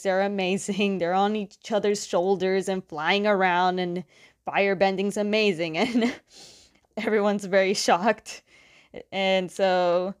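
Chatty young woman recapping a story. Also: medium pitch. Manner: chatty, loose, lots of "like" fillers, light laughs. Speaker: comic book reviewer. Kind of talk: casual plot recap.

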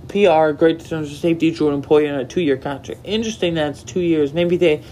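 A man's voice: fairly high pitch, brisk, dark tone. Guy ranting casually about football moves, rambly, reads tweets and reacts, faint hiss behind. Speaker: sports commentator. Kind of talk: casual solo sports recap.

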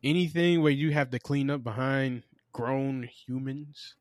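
A man's voice: mid-range voice, fairly even intonation, measured pace, darkish tone, no echo. Male podcast co-host, casual storyteller who curses and plays out every line of a spat, medium voice, dry close sound. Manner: profane storyteller who acts out both sides of arguments. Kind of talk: casual chat.

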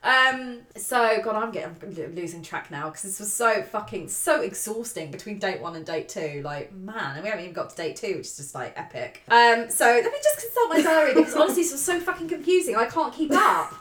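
A woman's voice: medium pitch, fairly quick, hardly any pauses. Chatty woman telling a dating story. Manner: swearing, animated storyteller, acts out her own quotes. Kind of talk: casual chat. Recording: echoey room.

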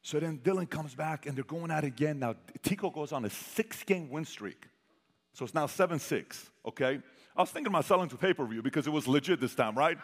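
A man telling a personal story to a live audience as a motivational speaker. He quizzes the crowd and swings between loud bursts and hushed asides. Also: on the high side, animated, brisk. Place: large hall with an audience. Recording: long hall reverb.

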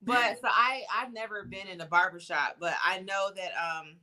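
A woman co-hosting a casual chat podcast, relaxed and talkative with lots of fillers. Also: medium pitch, moderate pace. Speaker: podcast co-host.

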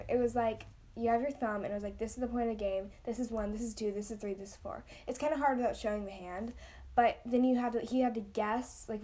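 A woman's voice: a little high, mellow. A teenage girl co-hosting a casual podcast, chatty and prone to fits of giggles. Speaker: podcast co-host. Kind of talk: casual chat.

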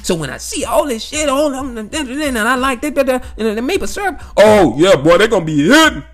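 A man's voice: very high voice, fairly quick. A man in a casual, profane monologue, talking straight to his listeners and circling back to the same phrases. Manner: animated, repetitive, peppered with "you know what I'm saying". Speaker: vlogger sharing life views.

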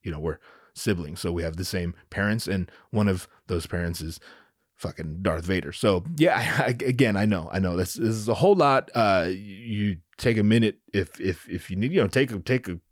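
A man's voice: low voice, normal speed, no echo, clean studio sound, voice pushed down. A man voicing a stunned young male hero who stammers and over-explains. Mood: sheepish.

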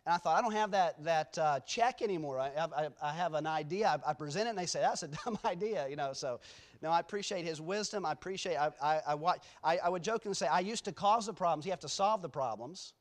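In a church sanctuary, a guest preacher with a fairly high voice talks quickly. Before his sermon he tells rambling, self-deprecating stories, restarting often.

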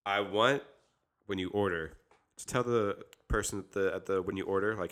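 A man's voice: low voice, sharp tone. A young man co-hosting a casual podcast outdoors, joking and rambling as he riffs. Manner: joking, rambling, quick to riff. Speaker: podcast co-host, barista. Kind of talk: casual chat. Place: outdoors by a parking lot.

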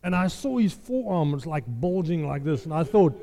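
Guy preaching, animated storyteller, mellow tone, lots of hall reverb. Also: fairly high pitch, normal speed, gravelly. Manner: animated storyteller, laughs often, acts out quotes. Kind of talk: sermon.

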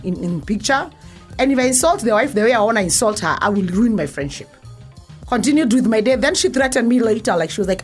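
Brash high-voiced Kenyan woman ranting. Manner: brash, profane, code-switching. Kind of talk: casual storytelling rant.

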